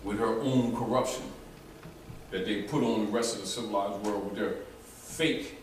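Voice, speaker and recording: A man giving an animated, rambling informal lecture to a small group, restarting his sentences as he goes. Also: fairly low pitch, moderate pace. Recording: echoey room, mic far off, faint noise.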